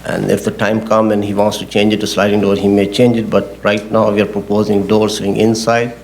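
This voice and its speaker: A low-pitched man speaks in a flat, even tone, working through technical points for a zoning board. He talks haltingly and circles back to repeat himself. Faint background noise from a hearing room sits behind him. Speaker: project engineer presenting to a zoning board. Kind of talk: public hearing testimony. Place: public hearing hall.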